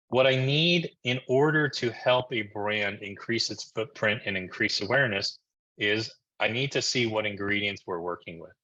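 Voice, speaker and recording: Bright-voiced man from New Jersey coaching. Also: mid-range voice, muffled recording. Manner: energetic, conversational, keeps checking in with "right?". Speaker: marketing coach presenting a webinar. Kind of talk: live online presentation.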